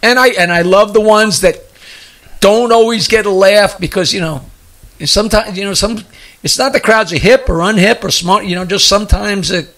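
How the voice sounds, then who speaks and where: A man with a high, gravelly voice and a bright, tense edge talks casually as a comedy guest. He rambles through his jokes, chuckling at his own lines as he builds to the punchline. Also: normal speed. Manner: chuckles while telling jokes, rambling storyteller. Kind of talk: casual chat and joke telling.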